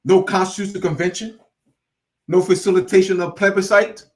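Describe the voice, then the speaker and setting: Here a man's high-pitched voice comes across flat and brisk. He's a host delivering a fervent lecture that keeps circling back on itself, casual in tone and slipping into dialect, growing more preachy and heated with each repetition.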